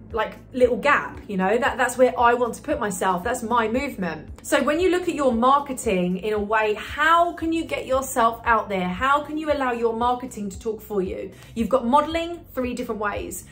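Brief: upbeat businesswoman, slightly high voice, chatty talking-head coaching with lots of "you know"s. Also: normal speed, hardly any pauses, fairly bright tone. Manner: chatty, upbeat, many fillers and restarts. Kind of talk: talking-head marketing advice video.

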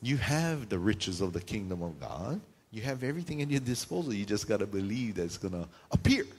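A man preaching a sermon, telling lively stories and calling for amens. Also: lowish voice, brisk, slightly rough. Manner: lively storytelling with call-and-response. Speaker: pastor. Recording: reverberant hall sound.

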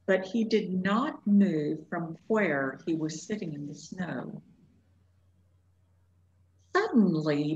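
A woman teacher reading a storybook aloud in a slow, expressive way for a lesson. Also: fairly low pitch, a little hiss or hum. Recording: echoey room, dull lo-fi sound.

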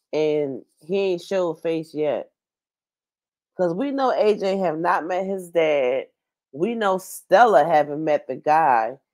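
A woman hosting a reaction video, giving sassy, blunt, gossipy commentary. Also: on the low side.

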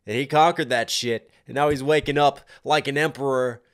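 A man hosting a reaction video, talking casually and excitedly over a rap track, laughing and reacting out loud. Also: medium pitch, moderate pace.

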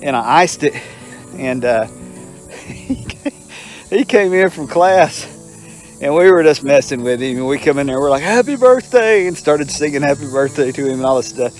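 A man's voice: medium pitch, moderate pace, long pauses, faint music behind. Older man, mid-range voice, rambling, folksy storyteller walking outdoors. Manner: rambling, folksy, self-amused, lots of filler. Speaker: vlogger. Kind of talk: casual storytelling while walking. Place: outdoors in a park.

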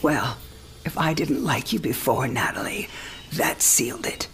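A dying old mother speaks from her bed, low and breathy, often sinking to a whisper yet swinging widely in pitch as she teases. Her wry warmth carries through the frailty. A scene from a game cinematic. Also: very animated, a little slow, a little hiss or hum, full character voice. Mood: gentle, wise. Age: older. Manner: wry, gently teasing. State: frail, near death. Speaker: elderly mother in a hospital bed.

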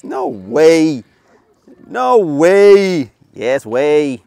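A man filming his fishing trip on a small boat far offshore, talking casually and exclaiming loudly over each catch. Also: on the high side, big pitch swings, takes it slowly, long pauses, dry recording. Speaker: fishing vlogger. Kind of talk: excited casual commentary.

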